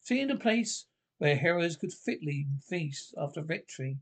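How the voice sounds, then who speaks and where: A man reading a classic children's novel aloud, halting and correcting himself often. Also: a little high, expressive. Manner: halting, with frequent self-corrections. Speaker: narrator. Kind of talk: audiobook narration.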